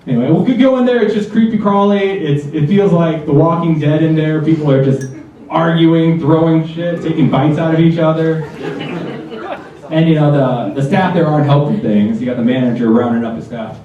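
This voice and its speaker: A man's voice: fairly high pitch, fairly quick, mellow. A man performing a stand-up comedy set at a live show, telling a story and acting out the people in it. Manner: storytelling with acted-out quotes. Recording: distant, echoey, dull live room recording. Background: audience laughter.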